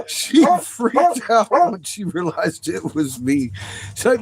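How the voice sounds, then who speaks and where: Man, casual home vlog, high voice, chats to his dogs, noisy background. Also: slow, long pauses. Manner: laughs a lot, talks to his dogs in a high excited voice. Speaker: vlogger.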